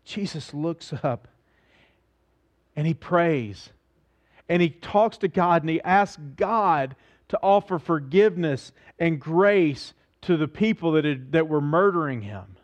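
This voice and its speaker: Earnest pastor preaching, slightly high voice. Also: male voice, lively intonation, slow pace. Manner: earnest, asks the listeners questions and repeats phrases for emphasis. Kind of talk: sermon.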